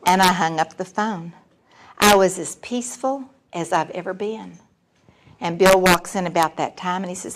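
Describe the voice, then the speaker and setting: A middle-aged woman sharing her personal recovery story at a meeting, animated, laughing often and acting out the voices of the people she quotes. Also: fairly low pitch, normal speed, slight background noise, poor audio. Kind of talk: personal testimony talk.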